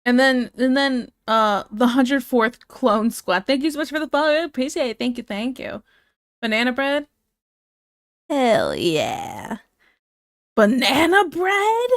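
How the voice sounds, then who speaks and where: A woman's voice: high voice, normal speed, no room sound, studio quality. A woman from Ohio streaming while she draws, chatting casually and rambling as she answers her live chat and gets sidetracked.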